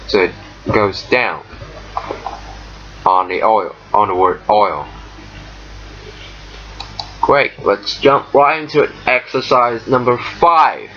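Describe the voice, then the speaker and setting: A man teaching an English lesson, explaining step by step with frequent pauses and fillers. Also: medium pitch, fairly bright tone. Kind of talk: recorded lesson walkthrough. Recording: dull lo-fi recording, faint noise.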